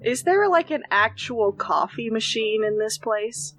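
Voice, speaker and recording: A woman's voice: fairly high pitch, animated, measured pace, a bit bright, faint music behind, poor audio. Woman player, giggles often, rambles through in-character stories at a tabletop game. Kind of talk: casual in-character play.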